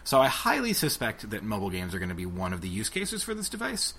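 A young man co-hosting a casual tech podcast, talking excitedly and rambling with lots of restarts. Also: fairly low pitch, quick pace, breathy edge. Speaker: podcast co-host.

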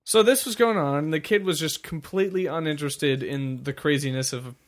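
A man chatting casually as a podcast co-host, telling an animated story and slipping into impressions. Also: brisk. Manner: animated storyteller, jumps into shrill impressions of people. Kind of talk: casual chat.

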